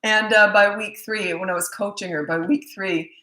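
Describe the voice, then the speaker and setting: Brief: middle-aged woman parenting coach, lively chatty Q&A, voices the kids she quotes, roomy echo. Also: medium pitch, moderate pace. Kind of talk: casual live Q&A talk. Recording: echoey room.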